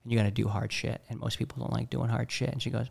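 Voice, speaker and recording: A man in his thirties talking casually and bluntly, acting out quotes with animated voices. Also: medium pitch, quick pace, gravelly, husky. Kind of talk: casual podcast chat.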